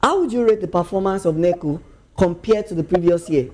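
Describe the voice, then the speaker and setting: A woman's voice: fairly low pitch, a little fast, background noise. Woman presenting TV news. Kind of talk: news reading and studio interview.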